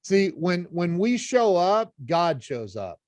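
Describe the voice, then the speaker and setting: A middle-aged man, a podcast guest, telling a story in an animated, earnest way. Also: high voice, slow, dry recording. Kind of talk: casual storytelling chat.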